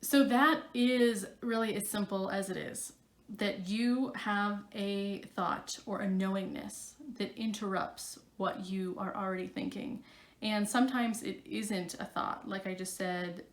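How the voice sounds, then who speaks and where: A woman's voice: mid-range voice, echoey room. A woman psychic coach talking casually to her camera, chatty and full of fillers.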